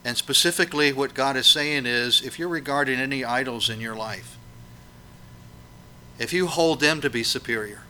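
Bright-voiced preacher giving an emphatic sermon. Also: male voice, mid-range voice, moderate pace, slight background noise. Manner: emphatic, questioning, swells and drops for emphasis.

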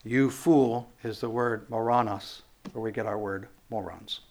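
A man's voice: lowish voice, flat delivery, normal speed, gravelly. A man, a pastor, preaching a conversational sermon, acting out quotes and building to emphatic, raised passages.

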